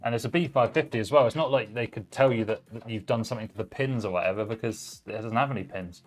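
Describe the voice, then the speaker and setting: A man with a lowish voice hosts a live stream at a quick pace, faint music playing behind him. He builds a PC while chatting casually and relaxedly with viewers, reading their chat messages aloud as he works.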